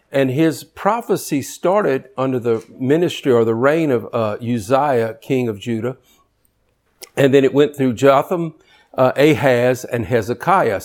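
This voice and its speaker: An older man preaching a sermon, fervent and building up to near shouting. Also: mid-range voice.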